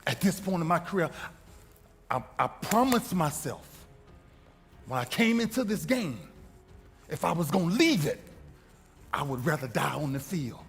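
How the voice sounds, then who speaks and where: High, animated man telling a story in a hall. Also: moderate pace, pauses often. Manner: emphatic, repeats phrases for rhythm. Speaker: motivational speaker. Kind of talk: dramatic storytelling speech. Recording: reverberant hall with faint music.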